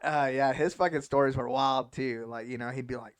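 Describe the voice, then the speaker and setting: Man, podcast host, mid-pitched voice, rambling profane storyteller. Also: flat delivery, moderate pace, clean tone, dry recording, clean studio sound. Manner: rambling, profane storyteller who laughs often. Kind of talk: casual podcast conversation.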